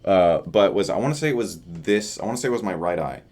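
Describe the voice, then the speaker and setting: Low-pitched and darkish, this young vlogger's voice is expressive and quick as he talks into the camera in front of him. He's worn out from lack of sleep, and his casual video-diary chatter is loose and full of fillers.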